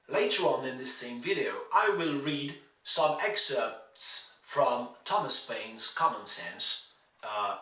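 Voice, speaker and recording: A male teacher giving a pronunciation lesson, saying words slowly and stressing each syllable with care. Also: medium pitch, pushed and bright. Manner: slow, deliberate, exaggerated stress on words. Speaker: university English teacher. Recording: roomy, from a distance off mic.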